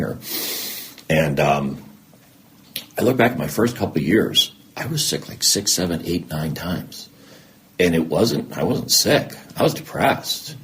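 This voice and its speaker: A man's voice: very deep voice, a little hiss or hum. A man, a podcast guest, telling his own story candidly. He jokes at his own expense and acts out conversations he remembers. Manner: acts out remembered conversations, self-deprecating humor.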